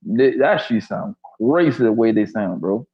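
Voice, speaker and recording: A man's voice: lowish voice, expressive, measured pace, slightly rough. Rambling, profane man on a muffled mic. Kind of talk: casual banter.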